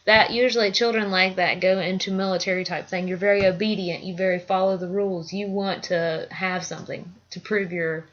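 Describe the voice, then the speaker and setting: A woman's voice: lowish voice, steady tone, a little fast, few pauses. Rambling woman, lo-fi podcast. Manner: rambling, thinks aloud with many fillers. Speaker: podcast co-host. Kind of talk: casual chat. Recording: dull lo-fi with faint noise.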